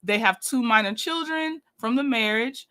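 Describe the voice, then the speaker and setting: A woman's voice: fairly high pitch, expressive, normal speed, sharp tone. A woman hosting a casual livestream, chatting and greeting viewers by name, laughing often, then reading through documents. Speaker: livestream host.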